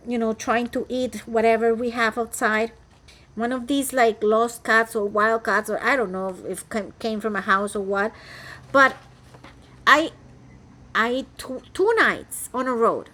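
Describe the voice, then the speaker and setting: With a pushed, bright, fairly high voice, a Costa Rican woman who vlogs about cross-stitch talks casually to her camera indoors at home. She chatters and wanders, with frequent fillers and restarts.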